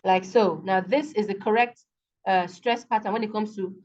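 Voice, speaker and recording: A woman with a Nigerian English accent tutoring students over a video call, patient and repeating each word slowly. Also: medium pitch, fairly even intonation, a little mellow. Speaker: online tutor. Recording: dull lo-fi video call audio.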